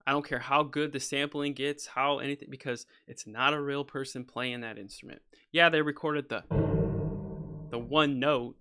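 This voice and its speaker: Man, bright tense voice, casual livestream chatter, rambling, opinionated, lots of restarts, home studio. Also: medium pitch, steady tone, moderate pace, clean tone. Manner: rambling, restarts often, says "freaking" and "you know"; opinionated, goes off on a soapbox. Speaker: composer streaming a session. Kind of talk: casual livestream talk while working.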